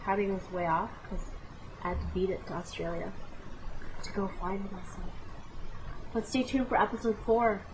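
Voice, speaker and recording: A woman in her late twenties tells a funny story about her own life straight to the camera. She is animated and dramatic, tossing in exclamations and side remarks to the viewer. Her pitch sits in the middle range, with a faint hum of noise behind her. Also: moderate pace, pauses often. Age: 20s. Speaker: vlogger. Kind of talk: comic personal storytelling to camera.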